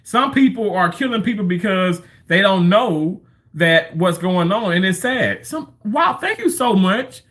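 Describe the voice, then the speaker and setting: A man in his thirties or forties talks through a loose, rambling livestream monologue, chatting and telling stories as he goes. His voice sits a little on the high side, and he swears casually in the middle of his sentences. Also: expressive, a little slow, fairly bright tone.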